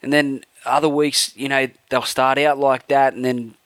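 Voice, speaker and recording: Male podcast co-host, mid-pitched, sarcastic and profane, dry close recording. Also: flat delivery, moderate pace, fairly bright tone, clear, resonant tone, no echo. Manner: blunt, profane, sarcastic banter. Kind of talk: casual sports podcast chat.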